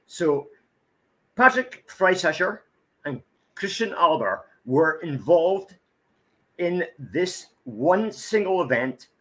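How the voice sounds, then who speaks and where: A man's voice: fairly high pitch, big pitch swings, slow pace, fairly bright tone. A man co-hosting a casual chat, rambling and repeating himself as he runs a quiz. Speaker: co-host.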